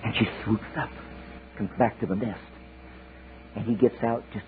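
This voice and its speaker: A man preaching a sermon, telling a story in a folksy, animated way with chatty asides. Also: lowish voice, normal speed, long pauses. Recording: tinny lo-fi sermon tape with hiss.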